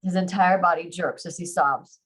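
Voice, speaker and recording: A woman who writes romance, reading her own novel aloud in first person with expressive emotion and a chatty sign-off. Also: on the low side, husky, low-quality recording. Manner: expressive, emotional, slows on heavy lines.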